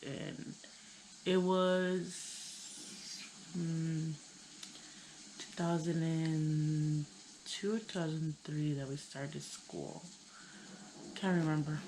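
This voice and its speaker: A woman in her thirties telling a personal story on her channel, tearful and halting, with many pauses and fillers. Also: low voice, steady tone, a little mellow, slight background noise, low-quality recording. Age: 30s. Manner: hesitant, halting, full of "you know". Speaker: vlogger.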